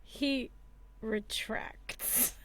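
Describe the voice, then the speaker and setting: Woman running a tabletop game, fairly high voice, slow, laughs a lot as she narrates. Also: a bit bright. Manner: laughing, loose narration with fillers. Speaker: game master.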